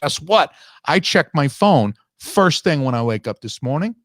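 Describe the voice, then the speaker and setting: A man's voice: fairly high pitch, sing-song, normal speed, fairly bright tone, no room sound, studio quality. Profane ranting male podcast host. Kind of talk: casual chat.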